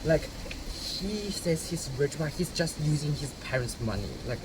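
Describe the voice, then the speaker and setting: A man's voice: a little high, normal speed. A man answering interview questions in a casual, emphatic way, often laughing between his points. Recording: steady background noise.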